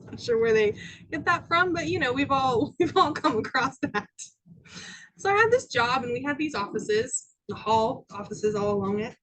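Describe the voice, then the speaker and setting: A woman minister with a high, slightly husky voice gives a spiritual talk to a congregation. She tells personal stories, acts out the voices of the people in them, and sometimes drops to a soft near-whisper. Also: lively intonation, normal speed, rough recording. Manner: storytelling, acting out quoted voices, dropping to soft near-whispers. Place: church sanctuary with audience.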